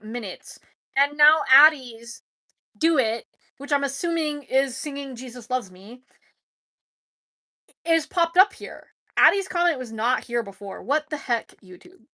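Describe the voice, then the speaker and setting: A woman's voice: sits high, bright, forceful tone. A woman hosting a casual live stream, chatting in a rambling way and laughing often. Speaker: livestream host.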